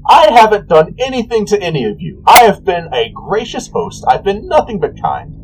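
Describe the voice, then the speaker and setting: A man's voice: sits high, huge pitch swings, normal speed, a little hiss or hum, voice pushed up, full character voice, low-quality recording. A man playing a petulant trickster god. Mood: aggrieved. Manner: whiny, wounded and theatrical.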